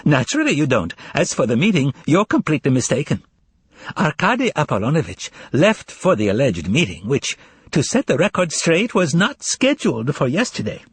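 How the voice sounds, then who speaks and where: A man's voice: a little high, wildly swooping pitch, normal speed, slightly rough, dry recording, voice pushed up, exaggerated voice. A man voicing a sly, mocking male magician's assistant who talks in a mock-polite, teasing way. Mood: gloating.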